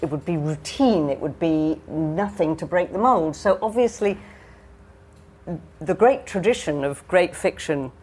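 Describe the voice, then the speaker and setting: A woman's voice: sits low, a little slow, a little mellow, husky. A woman writer speaking on a panel, emphatic, repeating herself as she builds her point. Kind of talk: panel discussion.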